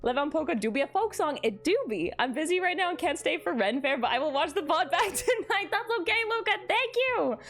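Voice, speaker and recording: A woman's voice: high voice, lively intonation, brisk, hardly any pauses, a bit bright, faint music behind. A young woman streaming live, chatting casually, giggling and greeting her viewers as she reads chat.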